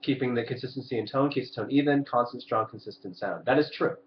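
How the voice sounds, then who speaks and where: A man's voice: mid-range voice, quick pace. Man teaching violin over a roomy webcam. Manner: explains and demonstrates, asks viewers questions. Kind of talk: live webcam lesson. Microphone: webcam mic. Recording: roomy, dull webcam audio.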